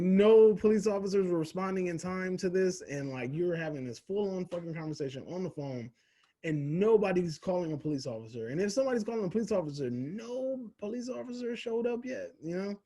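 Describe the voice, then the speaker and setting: A man's voice: fairly high pitch, a little mellow. A young man giving a casual, profane, rambling film review full of slang.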